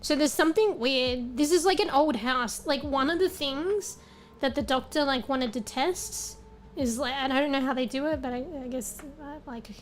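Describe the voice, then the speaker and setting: Woman streamer, high pitch, losing her voice, rambling casual chat, faint music behind. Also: normal speed. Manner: rambling, casual, swears often.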